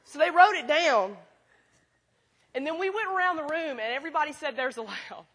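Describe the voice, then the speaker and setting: A middle-aged woman preaches in a high, bright voice. She is folksy and animated, carrying the audience through stories as she makes her point. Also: moderate pace. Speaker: speaker at a school chapel. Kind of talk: sermon with storytelling.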